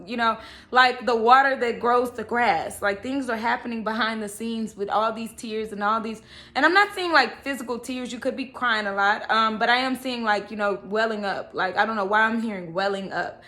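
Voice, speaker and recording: A woman's voice: on the high side, bright, forceful tone. A woman giving a casual, chatty tarot reading, often checking in with "okay" and "all right". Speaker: tarot reader.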